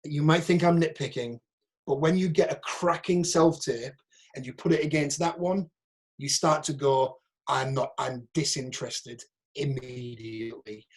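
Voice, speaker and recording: A man with a Northeast English accent teaches over a video call, his voice sitting a touch higher than most men's. He talks frankly and casually, with plenty of asides as he critiques each clip. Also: moderate pace. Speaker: acting agent and workshop teacher. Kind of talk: online workshop talk.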